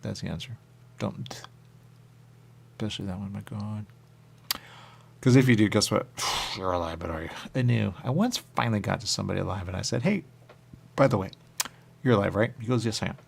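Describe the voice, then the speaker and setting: Gravelly low-voiced man rambling. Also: animated, brisk, long pauses. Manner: rambling, repeats "there you go", jumps into squeaky high voices when quoting others. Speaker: radio show host. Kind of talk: rambling spiritual monologue. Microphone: radio studio mic.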